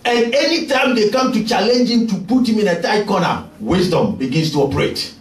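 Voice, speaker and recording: A male pastor preaching a sermon in a church, emphatic and often shouting. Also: high-pitched, lively intonation, a little fast, slight background noise. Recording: echoey church from far off.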